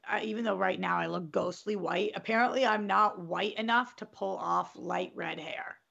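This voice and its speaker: A woman's voice: mid-range voice, normal speed, vocal fry, fairly bright tone, lo-fi sound. A woman co-hosting a podcast, talking bluntly and sarcastically, with swearing. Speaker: co-host. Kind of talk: casual podcast chat.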